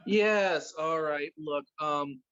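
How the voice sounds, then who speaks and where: A woman's voice: deep voice, very slow, fairly bright tone, clear, resonant tone, no room sound. Flustered woman improviser, lo-fi stream. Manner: flustered, apologetic husband character. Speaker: improv player. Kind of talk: improv comedy scene. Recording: dull lo-fi stream audio.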